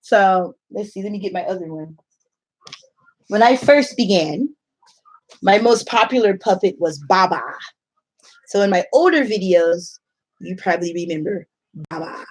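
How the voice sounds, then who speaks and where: A woman English teacher giving casual tips in a playful, animated way, laughing often. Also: medium pitch, measured pace, pauses often, breathy edge.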